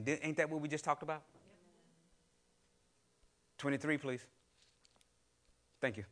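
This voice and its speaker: A man's voice: on the high side, steady tone, a little slow, pauses often. A middle-aged man preaching a sermon, using call-and-response with the congregation and acting out grumbling people in quoted asides. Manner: call-and-response preaching, rising to loud exhortation. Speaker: lay preacher.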